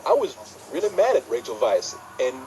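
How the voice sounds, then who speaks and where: A man co-hosting a casual film review chat, emphatic and quick to laugh, stammering when he gets going. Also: mid-range voice, big pitch swings, warm tone, faint music behind, low-quality recording. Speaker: podcast co-host, film reviewer.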